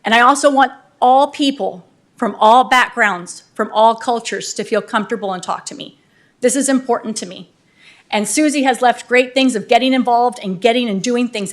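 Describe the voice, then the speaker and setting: In a council chamber, a woman with a fairly high-pitched voice celebrates her election to the city council with an unscripted, lively speech full of heartfelt gratitude.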